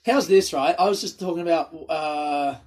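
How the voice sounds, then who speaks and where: A man's voice: a little high, normal speed, darkish tone. A man, telling rambling, sweary stories on his own and laughing at his own jokes. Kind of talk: casual solo storytelling.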